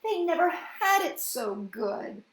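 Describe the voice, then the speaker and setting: A woman hosting a children's story reading, gentle and sing-song, often asking her listeners questions. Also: very high-pitched, big pitch swings, slow pace, heavy background noise. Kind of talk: children's storybook read-aloud. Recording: roomy echoey room.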